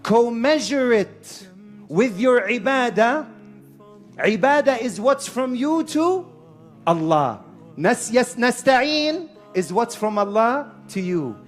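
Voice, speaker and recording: A man preaching a lively sermon to a live audience in a hall, telling stories with acted-out voices and mixing in Arabic phrases. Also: very high-pitched, takes it slowly, faint music behind. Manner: animated storyteller, acts out shouting characters; mixes Arabic phrases and Quranic recitation. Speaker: Islamic preacher.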